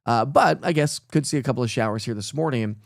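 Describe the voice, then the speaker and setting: A man's voice: medium pitch, fast talker, creaky, no echo, studio quality. A middle-aged man, hosting a casual live weather stream and greeting viewers by name. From East Tennessee.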